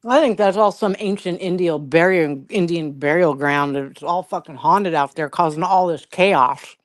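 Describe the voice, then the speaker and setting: A woman co-hosting a podcast in casual chat, blunt and profane, chiming in with quick remarks. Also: fairly low pitch, no echo. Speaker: podcast co-host.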